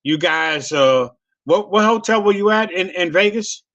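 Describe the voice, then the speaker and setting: A man's voice: high-pitched, animated, unhurried, fairly bright tone, lo-fi sound. A man hosting a casual interview, telling loose profane stories with many restarts and repeats. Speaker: host.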